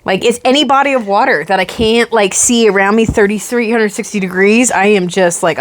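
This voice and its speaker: A woman in her thirties co-hosts a casual podcast chat, talking briskly with few pauses. She tells an animated story, swearing freely and acting out her own panic with big jumps in pitch.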